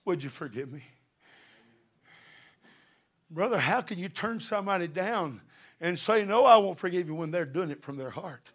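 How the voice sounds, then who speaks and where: A middle-aged man preaching a sermon with fervor, building to shouted passages. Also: high voice, animated, normal speed, long pauses, husky.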